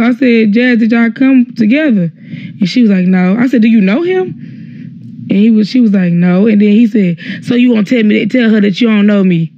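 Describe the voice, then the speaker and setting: A young man with a notably high voice rambles through a tense personal story, swearing freely and acting out the exchanges. The audio is dull and lo-fi, like a phone live stream, and sounds dry and close. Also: brisk, no room sound. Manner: rambling, heavy swearing, acts out quoted exchanges.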